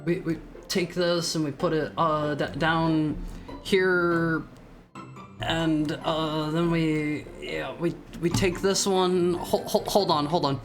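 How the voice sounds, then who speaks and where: A man's voice: on the high side, fairly even intonation, slow, faint music behind. A man streaming as a VTuber, chatting casually with his viewers in a playful, teasing way and often stumbling over his words. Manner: playful, stammering restarts, teasing chat. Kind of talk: casual live-stream chat.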